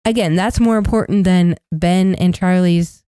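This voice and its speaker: A woman co-hosting a podcast, telling stories with animated, acted-out quotes in casual chat. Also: on the low side, measured pace, smooth, no room sound, clean studio sound. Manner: animated storytelling, acts out quotes. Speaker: podcast co-host.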